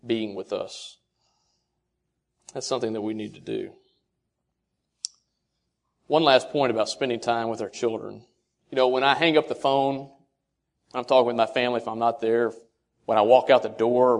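Animated man preaching to fathers. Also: mid-range voice. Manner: rhetorical questions, quotes scripture. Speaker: speaker addressing fathers. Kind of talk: sermon-style talk.

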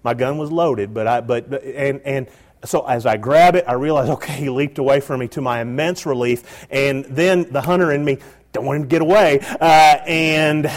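A middle-aged man telling a hunting story live to an audience, animated, with frequent halting restarts. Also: medium pitch. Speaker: storyteller guest.

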